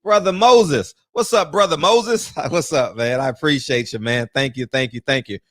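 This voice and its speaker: A man's voice: mid-range voice, normal speed, dry recording, studio quality. A man, hosting a live-streamed boxing talk show, greeting viewers by name in loose, casual chat, swearing easily and laughing often. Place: small room.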